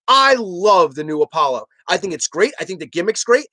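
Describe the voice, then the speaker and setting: Host for a live stream rant: lively and emphatic, mid pitch, dry close mic. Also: fairly quick, no echo. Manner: animated ranting, emphatic and repetitive; argues with chat, rising to near shouts.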